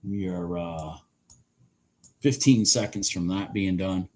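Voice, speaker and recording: Low, slow and darkish in tone, a man day-trading on a livestream narrates the action with exasperation, cursing and speaking directly to the chart.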